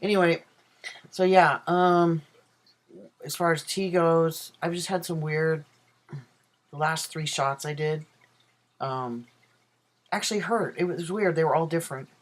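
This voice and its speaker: A man's voice: on the high side, fairly even intonation, measured pace, pauses often, poor audio. A transgender man chatting in a casual video diary from his apartment, rambling with many ums and self-corrections. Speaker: vlogger. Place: own apartment.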